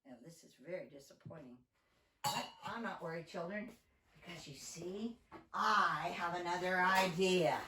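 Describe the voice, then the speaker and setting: A woman telling a Bible story to children, animated and talking straight to them. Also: on the low side, normal speed, crowd noise. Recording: roomy echo, distant mic, faint noise.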